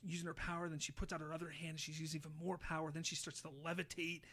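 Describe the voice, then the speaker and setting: A man hosting a podcast, casually retelling a show's plot with lively, swear-laden storytelling. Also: on the high side, racing. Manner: animated storyteller, swears freely, acts out quotes. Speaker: podcast host.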